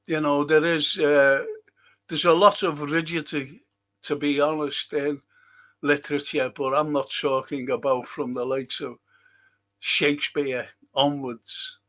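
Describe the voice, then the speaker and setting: A man's voice: on the high side, level tone, unhurried. A man hosting a livestream, chatting casually and reading viewer comments aloud. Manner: reads viewer comments aloud, chatty and warm-hearted asides. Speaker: livestream host reading chat.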